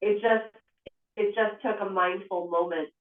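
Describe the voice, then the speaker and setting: A woman's voice: mid-range voice, fairly even intonation, measured pace. Affirming, reflective woman host on an echoey, tinny phone line, far from the mic. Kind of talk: casual chat.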